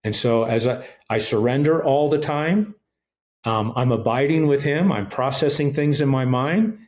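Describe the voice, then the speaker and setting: A man's voice: mid-range voice, normal speed, darkish tone. A middle-aged man, a ministry leader and interview guest, earnestly telling his personal testimony and acting out the dialogue as he goes. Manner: earnest storyteller, retells events with quoted dialogue.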